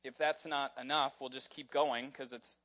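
A man preaching a sermon in a casual, animated storytelling way, with frequent fillers as he talks. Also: mid-range voice, normal speed. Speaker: pastor. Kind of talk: conversational sermon.

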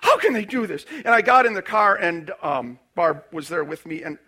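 A male pastor tells a story from the pulpit in a high, very lively voice. His tone is bright and husky, with gravelly fry, and he acts out quotes with many restarts. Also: moderate pace. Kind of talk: sermon storytelling.

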